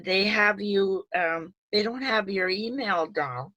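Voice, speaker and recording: An eighty-year-old retired nurse speaking on a video call, tearful and halting, repeating her words as she rambles. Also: mid-range voice, sharp tone, no echo, muffled recording. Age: 80s. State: tearful, voice breaking. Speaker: retired nurse, webinar attendee. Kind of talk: emotional open-floor remarks on a video call.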